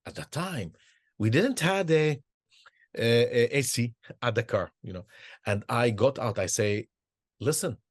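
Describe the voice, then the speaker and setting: Clean studio sound with no room ambience captures this husky elderly man's medium-pitched voice and lively intonation. A native Arabic speaker from Israel, he is a Sufi sheikh and peacemaker recounting his own stories, halting over repeated words and fresh starts.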